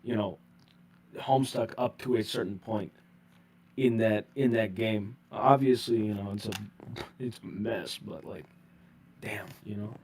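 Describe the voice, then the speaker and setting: A man's voice: on the low side, steady tone, measured pace, pauses often, slight background noise. A man chatting casually over a voice call about a game mod, laughing often and swearing freely. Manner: swears a lot, laughs often, loud bursts. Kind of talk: casual gaming chat.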